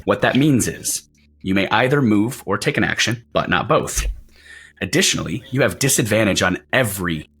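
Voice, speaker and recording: A man's voice: lowish voice, animated, moderate pace, fairly bright tone, husky. A man narrating as game master of a tabletop role-playing session, describing scenes at length with frequent restarts.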